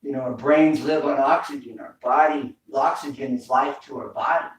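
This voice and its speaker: A male fitness instructor leads a home workout, coaching breathing with repeated cues. His mid-range voice is steady at a moderate pace, recorded in an echoey room with the mic far off.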